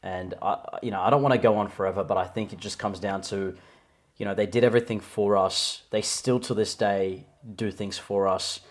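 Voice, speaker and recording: Young male co-host, low pitch, candid rambling conversational delivery. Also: fairly even intonation, fairly quick. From Australia. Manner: rambling, candid, with many restarts. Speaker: podcast co-host. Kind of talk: casual chat.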